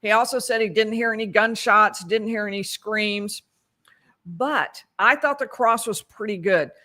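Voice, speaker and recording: A woman's voice: medium pitch, unhurried, sharp tone. A woman giving a casual, conversational recap of a court trial, correcting herself as she goes and dropping dry asides. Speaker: legal commentator.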